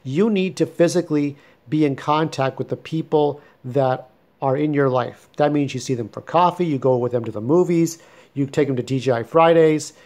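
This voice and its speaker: A man's voice: on the high side, normal speed, a little mellow. A man giving a blunt, bitter, profane late-night monologue at home. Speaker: vlogger.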